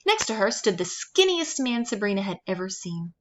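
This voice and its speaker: A woman reading a children's novel aloud, telling the story steadily with lively emphasis. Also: medium pitch, normal speed, dull audio. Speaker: reader.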